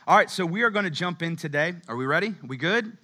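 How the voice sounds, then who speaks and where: Energetic bright-voiced male pastor preaching. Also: fairly high pitch, fast talker. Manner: energetic, calls out to the congregation; conversational with fillers. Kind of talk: sermon.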